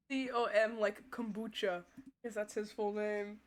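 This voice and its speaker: Slow-talking, giggly woman streamer. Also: mid-range voice, level tone. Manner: chatty, giggly, answering chat. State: voice tiring. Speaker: VTuber streamer. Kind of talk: casual live-stream chat while playing a game.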